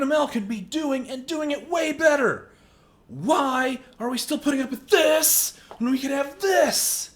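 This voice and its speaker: A man ranting indignantly in a movie review video, exaggerated, and shouting at times. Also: very high voice, lively intonation, a little slow.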